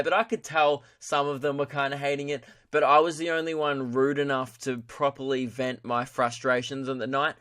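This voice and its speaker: A man's voice: on the high side, fairly bright tone, dry recording, clean studio sound. Young man ranting on his podcast. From Australia. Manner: ranting, sweary, laughs at his own jokes. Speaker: podcast host. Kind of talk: solo comedy rant.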